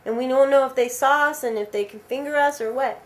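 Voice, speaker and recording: A woman's voice: high voice, a little fast, voice pushed up, close to an everyday voice. A woman voicing a frightened thirteen-year-old boy who begs his parents to believe him, within a told story. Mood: pleading. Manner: urgent, pleading.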